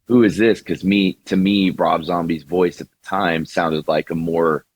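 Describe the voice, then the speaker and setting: A man with a very deep, low voice talks casually as an interview guest. He rambles, restarting his sentences and leaning on fillers. The sound is dry and close, with no room around it. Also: fairly even intonation, a little slow, no echo. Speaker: singer and songwriter, guest.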